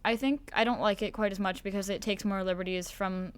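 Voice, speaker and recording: A woman's voice: medium pitch, fairly even intonation, brisk, clean tone, no room sound. A teenage girl answering interview questions in casual, thoughtful chat with some hesitant fillers. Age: teens. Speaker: student actor, interview guest. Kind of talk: casual chat on a school podcast.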